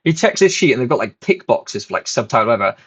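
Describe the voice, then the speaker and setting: A man's voice: mid-range voice, big pitch swings, fast talker, breathy edge, lo-fi sound. A man and channel host casually telling a rambling, self-mocking story, swearing freely.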